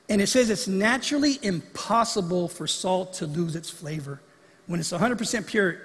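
A man with a high, husky voice preaches a sermon in a conversational way and slips in acted-out quotes. His voice carries through a church sanctuary with a long reverb of a large hall. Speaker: pastor.

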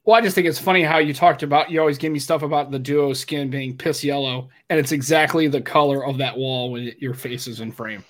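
A man's voice: medium pitch, fairly even intonation, fairly quick, hardly any pauses. A middle-aged man hosting a podcast from his home office over a video call, chatting casually in a rambling, teasing way. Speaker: podcast host. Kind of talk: casual chat. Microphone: webcam video call.

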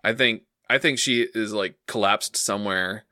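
A man narrating episode events for a podcast in a steady, unhurried retelling, pausing on "uh" and "um". His voice is bright and sharp. It sounds dry, with no room echo. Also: lowish voice. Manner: steady plot retelling with "uh" and "um" fillers. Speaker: podcast co-host. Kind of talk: casual anime recap narration.

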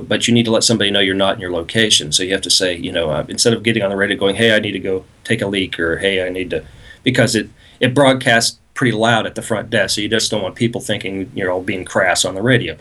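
A man's voice: fairly low pitch, fast, a bit bright. Podcast co-host, male, rambling storyteller who laughs at his own prank tale. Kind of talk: casual storytelling.

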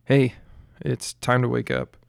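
A man voicing a young male campus officer in an audiobook, speaking haltingly and awkwardly. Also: medium pitch, flat delivery, gravelly, dry recording, studio quality.

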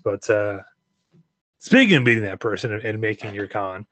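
A man's voice: fairly low pitch, expressive, moderate pace, fairly bright tone, no room sound. A man co-hosting a podcast, chatting enthusiastically and casually about a convention. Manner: enthusiastic, chatty, many restarts. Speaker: podcast co-host. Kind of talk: casual chat.

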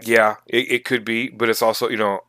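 Deep-voiced man, halting podcast chat. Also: flat delivery, bright, forceful tone, no room sound, clean studio sound. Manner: halting, thoughtful, many restarts. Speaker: podcast co-host. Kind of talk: casual chat.

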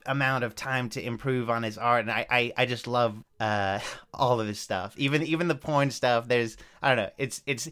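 Guy rambling on a podcast, smooth clear voice, laughs a lot. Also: medium pitch, moderate pace, few pauses, fairly bright tone. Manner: rambling, many restarts and chuckles. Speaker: podcast co-host. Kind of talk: casual chat reviewing front-page submissions.

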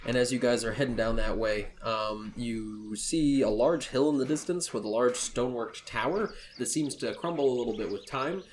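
A man's voice: mid-range voice, moderate pace, hardly any pauses, slight background noise. Casual male game master narrating. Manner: casual, filler-heavy narration.

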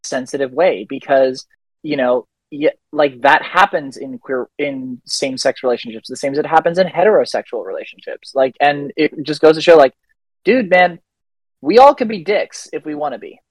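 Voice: medium pitch, normal speed, no room sound, rough recording. A podcast guest giving earnest opinions in casual talk, hesitating often with ums.

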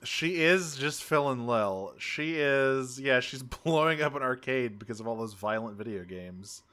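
A man's voice: mid-range voice, expressive, unhurried, sharp tone. A man co-hosting a podcast, casually recapping a cartoon episode in a rambling, self-correcting way with offhand swearing. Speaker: podcast co-host.

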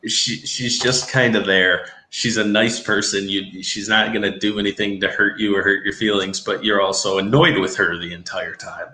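A man's voice: fairly low pitch, normal speed, few pauses, slight background noise. A man co-hosting a podcast, chatting casually and opinionatedly about a reality show and mocking quotes in a put-on voice. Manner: animated, opinionated, mocks quotes. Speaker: podcast co-host. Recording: echoey room.

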